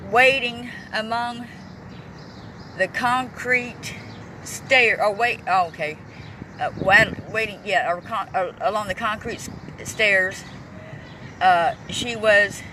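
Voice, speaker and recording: A man on a casual walking-tour vlog, filming outdoors in a city park on a handheld phone, reading signs aloud haltingly with stumbles and restarts, and he is emotional, close to tears. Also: sits high, pushed and bright, slight background noise, poor audio. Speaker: vlogger giving a walking tour.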